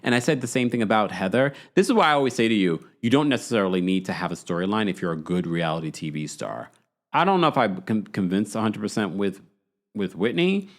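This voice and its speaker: A man's voice: on the low side, fast. A man hosting a podcast, recapping a reality show in casual, gossipy chat and acting out what the cast said. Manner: animated, gossipy, acts out quotes. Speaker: podcast host.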